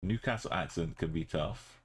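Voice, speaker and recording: A man with a very low voice talks through a live stream in loose, easy chat. He mutters half-finished thoughts to himself, then turns to his viewers to muse and chat. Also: moderate pace, husky. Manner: thinking aloud, musing and chatting with viewers. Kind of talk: casual live-stream commentary while playing.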